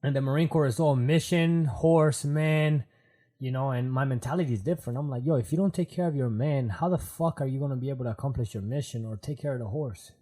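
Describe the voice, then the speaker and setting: Mellow-voiced earnest Marine guest. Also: male voice, mid-range voice, brisk. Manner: earnest, reflective, says "man" and "you know what I'm saying". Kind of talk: casual interview talk.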